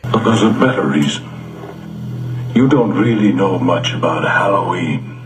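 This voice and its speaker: An actor playing a calm, cold older villain, speaking slowly and quietly. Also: male voice, low-pitched. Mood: menacing. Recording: echoey film audio with music behind.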